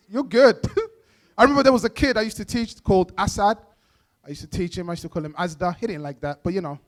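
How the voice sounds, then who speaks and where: High-voiced comedian telling stories. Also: male voice. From Bangladesh. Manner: animated storytelling, acts out characters, laughs often. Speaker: stand-up comedian. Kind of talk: stand-up comedy set. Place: event stage.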